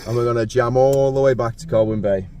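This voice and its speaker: A man's voice: medium pitch, fast talker, far from the mic, slight background noise. A man vlogging while fishing outdoors at night, joking, laughing often and talking to the camera. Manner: jokey, laughing often, excitable. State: cold. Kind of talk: casual outdoor chat to camera.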